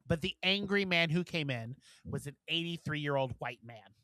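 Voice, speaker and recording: A man co-hosting a podcast, telling work stories in a casual, animated way and acting out what people said with big swings in voice. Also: normal speed, dry recording. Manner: animated, acts out quotes with big jumps in pitch and volume. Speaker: podcast co-host. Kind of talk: casual storytelling chat.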